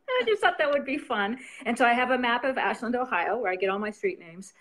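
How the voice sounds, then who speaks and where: A woman's voice: on the high side, animated, brisk, fairly bright tone. A woman novelist chatting casually as an interview guest, rambling and laughing often.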